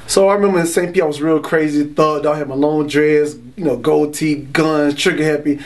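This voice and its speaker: Young man from Florida, slightly high voice, loose street slang, testimony told straight to camera. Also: steady tone, a little fast. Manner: streetwise slang, frequent "you know" and "y'all". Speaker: man giving a religious testimony. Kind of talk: casual spoken testimony.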